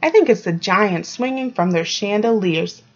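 A woman's voice: mid-range voice, animated, normal speed. A woman voicing a bold, cheerful young male fox in a storybook read-aloud, in a dull lo-fi recording. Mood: eager. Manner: eager and grinning.

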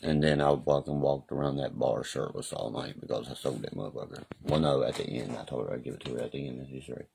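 A man's voice: extremely low pitch, fast talker, vocal fry, hardly any pauses, a little mellow, a little hiss or hum. A man rambling profanely and boastfully through stories on a live stream. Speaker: livestreamer.

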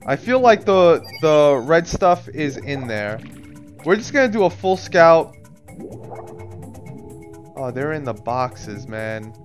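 A man from Florida streaming a video game live, casually chatting with viewers, swearing and breaking into excited outbursts. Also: on the high side, takes it slowly, pauses often, faint music behind.

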